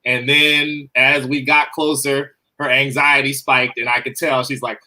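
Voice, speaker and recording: A man's voice: medium pitch, unhurried, rough recording. A man co-hosting a casual chat show, telling a story with jokes and quoted asides. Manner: joking, animated storyteller. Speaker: co-host.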